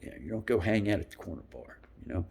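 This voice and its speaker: A man in his fifties telling rambling stories, profane and loose, dropping into whispered asides between louder bursts. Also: low voice, animated, quick pace, vocal fry, slightly rough. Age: 50s. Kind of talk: rambling storytelling monologue.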